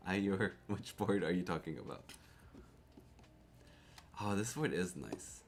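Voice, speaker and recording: A young man with a fairly low voice hosts a casual live stream and talks straight to his viewers. He is excitable, breaks into laughs often and tends to repeat himself. He comes from Canada. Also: takes it slowly, creaky, slight background noise. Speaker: keyboard streamer.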